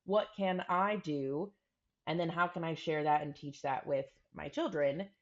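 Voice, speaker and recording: A woman's voice: sits low, a little slow. A woman co-hosting a podcast, talking things through earnestly in casual chat and often acting out quoted examples. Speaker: podcast co-host. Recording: dull lo-fi recording.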